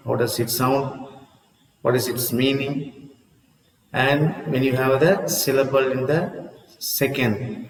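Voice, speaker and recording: A man teaching an English lesson to his channel viewers, talking in a slow, deliberate way and repeating himself. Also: mid-range voice. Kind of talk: online lesson. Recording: echoey room, voice from far off.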